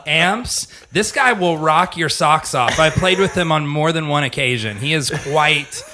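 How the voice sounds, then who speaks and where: A man's voice: a little high, a little slow, background noise. A man, a middle school history teacher, chatting as a guest in a podcast studio, laughing often and speeding up when he jokes. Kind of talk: casual interview chat. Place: podcast studio with guitars and amps.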